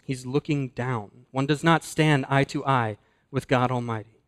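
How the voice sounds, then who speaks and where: A man preaching a sermon, earnest and deliberate, slowing down and dropping his voice to stress key words. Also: medium pitch. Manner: earnest, slows and drops to a hush for emphasis. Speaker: pastor.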